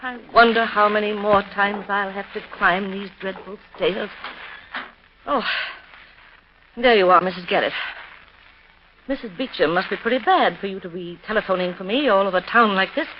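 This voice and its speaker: An actress playing a scheming, sharp-tongued niece who switches between biting scorn and sugary sweetness, in a 1930s radio drama. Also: mid-range voice, normal speed, long pauses, a little hiss or hum, close to an everyday voice. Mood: impatient. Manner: scornful and biting, sugary when it suits her. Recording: dull lo-fi 1930s radio recording.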